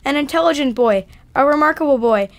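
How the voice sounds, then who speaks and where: A woman voicing an old male miser, newly joyful and generous, in a dramatic reading at a church event, speaking eagerly with warm exclamations. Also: high-pitched, animated, a little fast. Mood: overjoyed.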